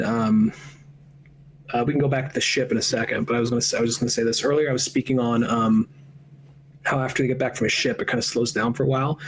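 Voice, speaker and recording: A man's voice: mid-range voice, a little hiss or hum. A man co-hosting a podcast, chatting casually about films in a rambling, profane way with many fillers. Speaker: podcast co-host. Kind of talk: casual film review chat.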